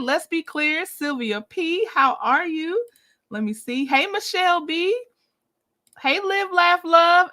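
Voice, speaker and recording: A woman's voice: sits high, bright, forceful tone. A woman hosting a casual livestream, chatty and greeting viewers by name with frequent laughs. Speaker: commentary channel host.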